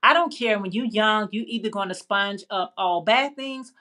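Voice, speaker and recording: A woman's voice: medium pitch, normal speed, pushed and bright. A woman from Chicago hosting a casual live stream, chatting with viewers, reading their comments aloud and laughing often. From Chicago, United States. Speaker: livestream host.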